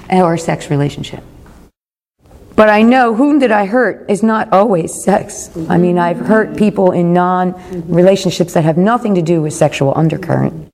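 A woman's voice: mid-range voice, darkish tone. A woman in her fifties giving a candid, reflective personal talk at a recovery meeting, speaking openly about her own faults. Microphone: recorded talk.

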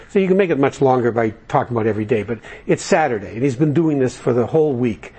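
Husky man telling stories to a group. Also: mid-range voice, expressive, fast talker, few pauses, dark tone. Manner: conversational storyteller, jokey, with fillers. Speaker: recovery program speaker. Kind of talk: talk to a recovery group.

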